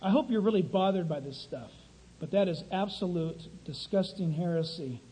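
Man, high husky voice, indignant commentary, scripture reading. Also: moderate pace, mellow, low-quality recording. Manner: indignant, emphatic. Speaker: host critiquing preachers.

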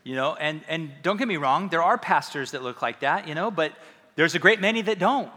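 Bright-voiced male pastor preaching. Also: fairly high pitch, animated, a little fast. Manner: conversational and self-deprecating, with humor. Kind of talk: sermon. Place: church hall. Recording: reverberant hall sound.

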